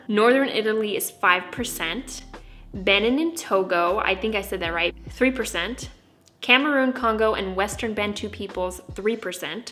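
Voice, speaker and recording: A woman's voice: on the high side, bright, forceful tone. A young American woman talking to camera in a casual vlog, bubbly and playfully dramatic. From United States. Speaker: vlogger.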